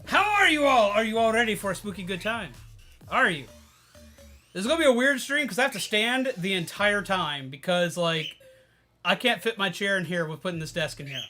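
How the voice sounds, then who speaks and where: Excitable streamer in a silly put-on accent. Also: medium pitch. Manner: excitable and playful, exclaiming often. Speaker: streamer carving a pumpkin. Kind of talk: live stream chat. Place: very small room, standing at a desk.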